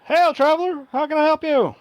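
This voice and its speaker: A man voicing a loud, cheerful masked pirate who hails visitors. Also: extremely high pitch, brisk, no room sound, pitched above the performer's own voice. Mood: hearty.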